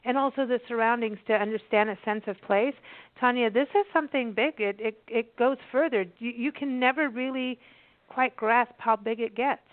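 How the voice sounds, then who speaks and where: A woman's voice: on the high side, moderate pace, no echo. A woman radio host in a conversational interview, enthusiastic and rambling, often restarting her sentences. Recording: tinny phone-line sound.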